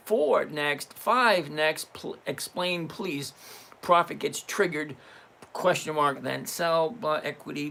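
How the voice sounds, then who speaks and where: A man in his sixties, hosting a trading livestream, reads out numbers step by step in a casual teaching chat full of jokes and swearing. His voice is on the high side, sharp in tone, with vocal fry.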